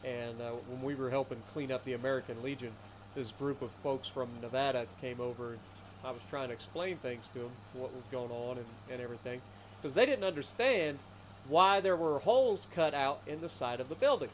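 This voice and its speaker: A man's voice: mid-range voice, a little fast, noisy background. A man from the Ohio foothills with an Appalachian accent, chatting and telling stories while streaming a farming game, enunciating carefully. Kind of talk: casual live-stream chat.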